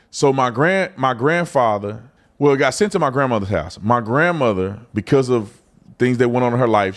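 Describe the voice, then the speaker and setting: A man who is a former police officer, telling a personal story in a colloquial, animated way and acting out what people said. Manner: colloquial, animated, acts out quotes with big pitch jumps.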